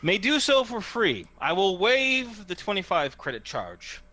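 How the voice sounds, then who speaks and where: A slick hawker works the crowd in a raised, bright voice, as a man puts him on. He stretches each phrase of his grandiose pitch out slowly, like a showman. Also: huge pitch swings, full character voice. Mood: persuasive. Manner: grandiose, drawn-out sales pitch. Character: slick male toad-fortune hawker, showman.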